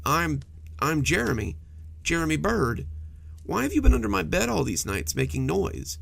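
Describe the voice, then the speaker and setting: A man's voice: on the high side, sing-song, normal speed, gravelly, slightly rough, voice pushed up, full character voice. A man voicing a young boy in bed at night, earnest and a little stammering. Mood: nervous.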